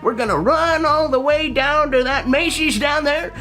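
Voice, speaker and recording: A man voicing an energetic old male turtle who shows off as a runner, with a Southern accent and a loud, bossy pep-talk manner. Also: very high voice, moderate pace, soft background music, pitched above the performer's own voice. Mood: rallying. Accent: American Southern.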